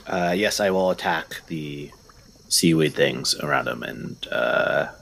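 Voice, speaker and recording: A man's voice: extremely low pitch, lively intonation, slow, creaky, fairly bright tone. A man playing in a tabletop game, speaking hesitantly with many fillers. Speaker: player.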